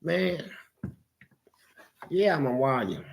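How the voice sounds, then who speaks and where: A man with a gravelly, somewhat high voice, telling his life stories in an unhurried, drawn-out way. He is animated, jumping into the voices of the people he describes. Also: a little hiss or hum. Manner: animated storyteller who acts out family voices. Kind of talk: casual storytelling chat.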